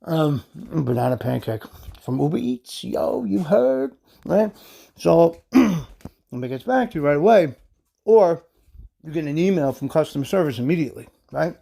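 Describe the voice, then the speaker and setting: Guy venting on his vlog, kinda high gravelly voice, swears a lot, keeps going "you know, right?". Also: very animated, moderate pace, dark tone. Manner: rambling, profane, full of "you know" and "right?"; heated and indignant. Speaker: vlogger. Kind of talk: casual storytelling rant.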